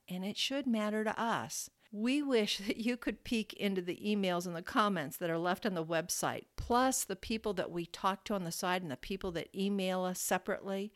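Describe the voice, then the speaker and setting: A woman co-hosting a marriage podcast, reading in an earnest, passionate way. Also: mid-range voice. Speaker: podcast co-host.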